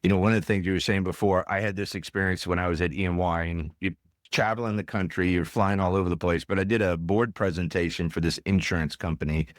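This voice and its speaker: A man hosting a podcast interview, telling lively anecdotes in a casual way. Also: deep voice, fast talker, no echo, clean studio sound. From United States. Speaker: podcast host.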